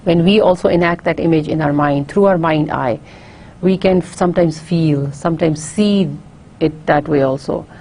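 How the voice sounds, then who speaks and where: A woman lecturing in a recorded online class, her voice low-pitched and mellow. She explains step by step, often stopping on fillers and restarting sentences. A faint hiss of background noise runs under the recording. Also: moderate pace. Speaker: university lecturer.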